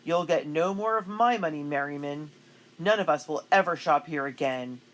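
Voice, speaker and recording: A woman voicing angry loyalist townsmen in a storybook, speaking in an indignant, shouting way. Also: sits low, normal speed, lightly acted, poor audio. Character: angry loyalist men of the town.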